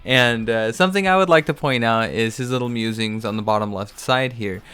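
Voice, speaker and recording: A man's voice: medium pitch, brisk, pushed and bright, smooth. A man hosting a casual, amused comic book recap with loose fillers.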